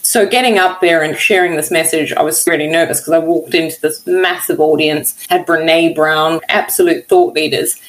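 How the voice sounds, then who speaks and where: Her low-pitched voice holds a steady tone at a moderate pace with barely a pause, though the recording quality is low. The non-American researcher, a guest discussing workplace equality, speaks heartfeltly and casually, saying "you know" often.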